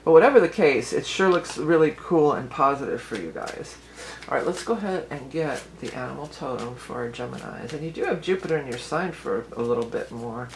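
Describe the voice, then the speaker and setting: A woman's voice: rumbling low, animated, a little fast, slight background noise, low-quality recording. A woman giving a casual tarot and astrology reading for her viewers, chatty and rambling, often restarting her sentences and laughing easily.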